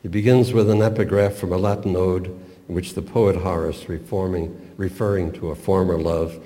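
An older man giving a measured, professorial talk on a poem, with small stumbles now and then. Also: low voice, fairly even intonation, warm tone. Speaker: literature lecturer. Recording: long reverb, roomy hall.

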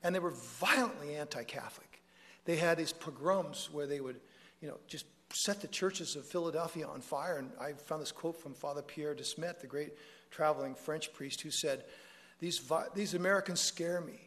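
A man addresses a lecture hall audience in a slightly bright voice on the high side, at a moderate pace. He keeps it conversational, joking on the side and correcting himself, while the big room's long reverb lingers.

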